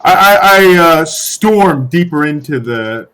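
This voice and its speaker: Animated, swearing male player. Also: fairly high pitch, takes it slowly. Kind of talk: playing a tabletop game.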